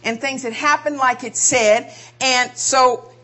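A woman's voice: high-pitched, fairly even intonation, slow pace, pushed and bright. A woman preaching a sermon, asking rhetorical questions and drawing out key phrases for emphasis.

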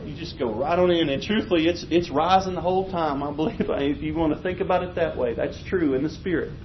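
A man preaching a folksy, animated sermon, chuckling as he tells stories. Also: a little fast. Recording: muffled, low-fi with faint noise.

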